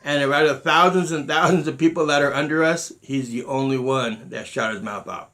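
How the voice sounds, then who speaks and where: A man's voice: a little high, moderate pace, a bit bright. A middle-aged man, a martial arts grandmaster, telling stories in earnest with many restarts and quoted exchanges. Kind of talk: unscripted talk to students.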